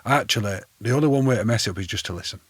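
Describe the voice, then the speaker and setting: A man's voice: lowish voice, rapid-fire, a bit bright, breathy edge, no echo. A man hosting a candid podcast conversation, speaking directly and encouragingly. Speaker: podcast host.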